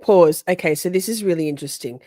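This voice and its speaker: A woman's voice: lowish voice, fast talker, mellow, no room sound, clean studio sound. A woman vlogger giving casual reaction commentary, stopping and starting as she thinks aloud.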